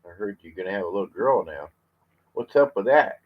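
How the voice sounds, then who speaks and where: A man from California on a live vlog, chatting from his chair at home in a slow, rambling way, full of fillers and restarts. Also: lowish voice, expressive. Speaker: vlogger. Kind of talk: rambling live-stream chat. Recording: slightly muffled lo-fi audio.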